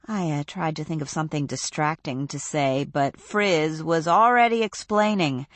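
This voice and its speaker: Slow, measured woman audiobook narrator. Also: low voice, no room sound. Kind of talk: scripted narration.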